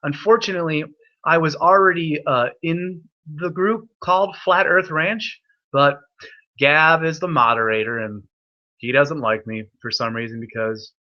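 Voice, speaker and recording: A man's voice: mid-range voice, dull audio. A young man hosting an online hangout, telling a rambling, profane story full of restarts. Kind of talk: rambling casual chat.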